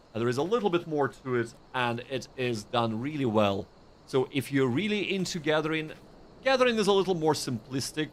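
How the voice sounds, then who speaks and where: Chatty man narrating a game. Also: mid-range voice. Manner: chatty, self-deprecating, with restarts. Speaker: streamer. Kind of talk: casual gameplay commentary.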